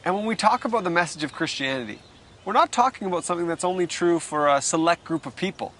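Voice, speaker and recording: A man co-presenting a scripted video lesson in an animated, playful way. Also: sits high, fast, a little hiss or hum.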